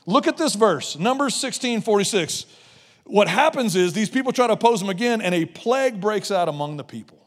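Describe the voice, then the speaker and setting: A middle-aged man preaching an energetic, playful sermon as a guest preacher in a church, joking and slipping into quick voices. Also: high voice. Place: church sanctuary. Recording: long hall reverb.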